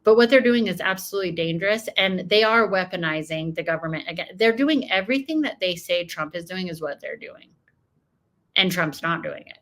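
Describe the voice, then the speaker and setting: A woman's voice: on the low side, animated, a little fast, fairly bright tone. An American woman giving emotional, emphatic political reaction commentary, often repeating her points. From United States. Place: home.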